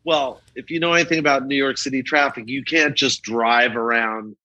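A man's voice: medium pitch, fairly quick, poor audio. An older man, a rock photographer, telling stories in a casual interview and acting out the people in them. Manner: animated, acts out the people in his stories.

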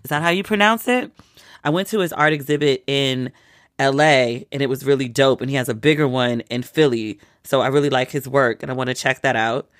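Vlogger from Maryland, home sick, easygoing chatter with acted-out quotes, bright voice, dry room. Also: mid-range voice, fairly quick, dry recording. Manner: chatty storyteller, acts out quoted lines. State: sick with a cold. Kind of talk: casual chatty monologue.

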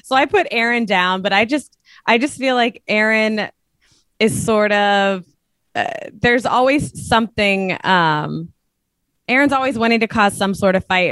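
A woman's voice: mid-range voice, moderate pace, fairly bright tone, no echo. A woman co-hosting a reality-TV recap podcast, chatting breezily with slangy reactions. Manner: breezy, slangy reactions, talks herself through second thoughts. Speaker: podcast co-host. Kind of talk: casual chat.

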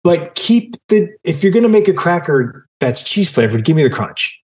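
Male co-host, animated and playful delivery, casual banter on a call. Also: fairly high pitch, normal speed. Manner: jokey, animated, riffing. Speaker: podcast co-host. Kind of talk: casual chat.

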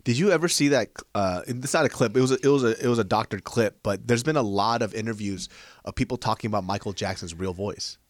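A man in casual podcast chat, relaxed and swearing freely as he retells anecdotes. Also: on the low side, fast, no room sound, studio quality. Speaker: podcast co-host.

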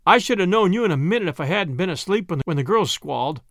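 A man's voice: sits high, lively intonation, fairly bright tone, no echo. Man doing a dry-witted farm boy. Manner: dry, brisk.

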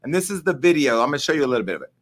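A man's voice: medium pitch, very animated, very fast, slight background noise. A middle-aged man hosting a casual commentary show, talking candidly and emotionally straight to his viewers. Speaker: host.

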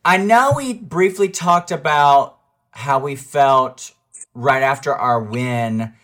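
A man's voice: mid-range voice, slow, a bit bright. Teasing man hosting a chat. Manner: chatty, teasing, slangy with many fillers. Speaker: podcast host. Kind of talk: casual chat.

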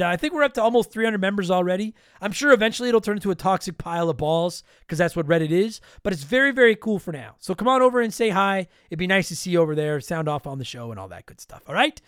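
A man's voice: high voice, fairly bright tone, clean tone, no echo, clean studio sound. A man hosting a podcast, casually joking and rattling off a long list of patron names while his voice is tired and worn. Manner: joking, self-deprecating, rapid list reading. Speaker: podcast host.

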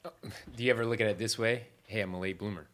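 A man's voice: lowish voice, fairly even intonation, very fast, fairly bright tone. A man co-hosting a podcast, steering a casual chat with short questions. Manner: prompting, asks short questions. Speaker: podcast co-host.

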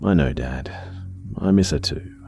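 A man's voice: rumbling low, expressive, a little slow, dark tone, faint music behind, heavily acted. A man voicing a young woman police officer in a first-person story, speaking earnestly with some hesitation.

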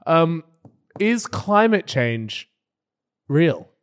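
Co-hosting a podcast, a man chats casually and teases his co-hosts, always quick with a joke. His voice is a little high and sing-song.

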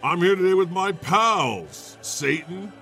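A man's voice: sits high, lively intonation, slow, pushed and bright, full character voice. A man playing God as a goofy, self-mocking podcast host in improvised comedy banter. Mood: joking. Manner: joking, self-deprecating banter.

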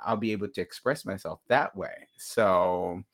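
A man's voice: sits low, normal speed, a bit bright. A man co-hosting a podcast, chatting casually and playfully with frequent laughter. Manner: giggly, playful. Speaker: podcast co-host. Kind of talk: casual chat.

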